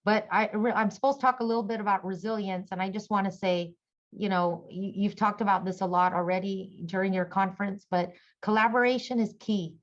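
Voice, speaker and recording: A middle-aged woman speaking as a conference panelist, earnest and halting with many fillers. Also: medium pitch, fairly even intonation, lo-fi sound. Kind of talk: conference presentation.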